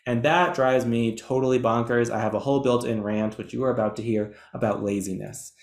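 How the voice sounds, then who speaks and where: A man's voice: mid-range voice, fairly even intonation, brisk, echoey room. Chatty man giving a webinar talk. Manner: chatty, enthusiastic, self-deprecating. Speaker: presenter, educator. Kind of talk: webinar lecture.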